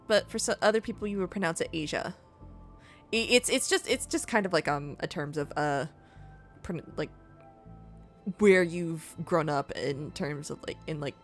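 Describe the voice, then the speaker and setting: A woman's voice: medium pitch, fairly bright tone. A young woman streaming a video game, chatting casually and rambling between frequent giggles. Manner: chatty and giggly, laughs often between remarks; rambling, with frequent restarts and fillers. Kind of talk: casual gameplay chat.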